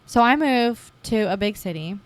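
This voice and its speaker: Young woman podcast host, casual confessional monologue, mid-range voice, lively when reenacting herself. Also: mid-range voice, normal speed. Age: 20s. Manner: chatty, animated when acting out her past self.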